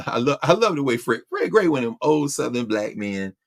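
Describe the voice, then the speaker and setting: A man's voice: medium pitch, lively intonation, a little fast, vocal fry. A man hosting a lecture show, giving fiery, sermon-like political commentary with slang, sarcasm and laughter. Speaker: host and lecturer.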